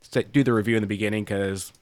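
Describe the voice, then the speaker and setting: A middle-aged man co-hosting a casual podcast chat, wry and quick to laugh, swearing casually. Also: lowish voice, fairly even intonation, dry recording. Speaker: podcast co-host.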